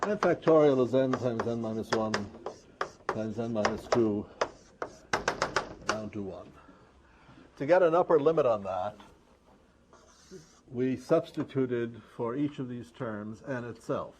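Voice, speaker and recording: A man lectures on mathematics, explaining each step in a measured, methodical way. A steady hiss runs under the recording throughout. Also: mid-range voice. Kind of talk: math lecture. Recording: noisy classroom recording.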